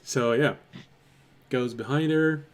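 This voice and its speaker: A man narrating as game master of a tabletop game, relaxed and laughing often. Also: mid-range voice, takes it slowly.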